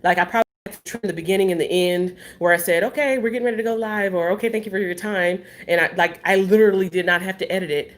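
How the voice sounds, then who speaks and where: A woman's voice: mid-range voice, fast talker, few pauses. Woman vlogging while walking outdoors. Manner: rambling, repeats phrases, candid and self-critical. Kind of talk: casual vlog monologue. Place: outdoors on a neighborhood walk.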